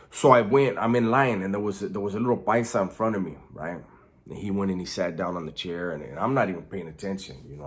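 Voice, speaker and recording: Deep-voiced man telling a prison story. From California. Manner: street slang, loose retelling with fillers. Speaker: former inmate telling his story. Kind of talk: casual storytelling.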